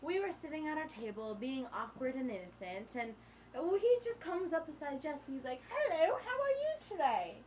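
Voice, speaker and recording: A woman's voice: high voice, fairly quick, a little hiss or hum. A teenage girl vlogging, telling a story in casual chat and acting out the people in it. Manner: animated, acts out the people in the story.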